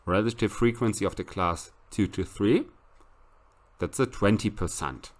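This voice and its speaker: A man's voice: on the low side, unhurried. A man giving a recorded statistics lecture, explaining step by step and reading out calculations.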